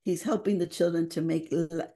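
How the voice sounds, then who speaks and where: Heartfelt stories come from a podcast guest who leads a family engagement program, told earnestly and emotionally with Spanish phrases mixed in. She has a fairly low, dark voice with a steady tone and a moderate pace.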